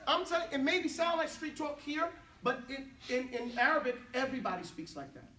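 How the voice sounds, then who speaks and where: Rich: A playful man leads an Arabic class, cracking jokes as he drills phrases with the students. His voice sits high, and the room answers with a roomy echo. He is heard from some distance. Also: fairly quick, pushed and bright, a little hiss or hum. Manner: playful, joking, switching between English and Arabic. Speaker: Arabic teacher. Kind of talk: lively classroom teaching.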